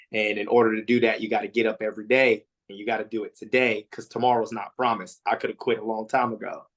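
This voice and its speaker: A man, a fighter, answering interview questions in casual talk, acting out quotes with lots of fillers. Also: lowish voice. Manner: animated storytelling, acts out quotes; frequent fillers and restarts. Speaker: MMA fighter, interview guest.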